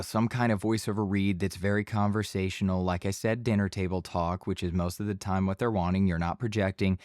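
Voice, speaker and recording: A man giving a casual voice-over tutorial in a home studio, speaking in a relaxed conversational tone into a studio microphone. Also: lowish voice, no echo. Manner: relaxed conversational teaching, occasional bursts of yelling demos. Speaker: voice-over instructor.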